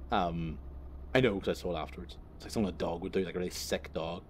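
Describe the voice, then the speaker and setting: A man's voice: deep voice, fairly even intonation, fast talker, darkish tone, slight background noise. A young man telling a crude, rambling anecdote while he drives, swearing freely and breaking off to laugh, recorded in his car. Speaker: vlogger.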